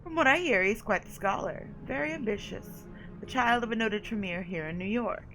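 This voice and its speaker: A woman's voice: mid-range voice, normal speed, fairly bright tone, faint music behind, lightly acted, rough recording. A woman voicing a haughty, condescending female vampire sire, reading game dialogue aloud with drawled endearments.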